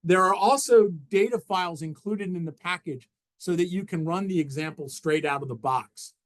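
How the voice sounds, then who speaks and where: A man talking through slides at a technical seminar. His voice sits a little high for a man. He speaks haltingly, restarting phrases and filling gaps with "uh" as he explains each step. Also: rough recording. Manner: halting, frequent restarts and fillers while walking through slides. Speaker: presenter.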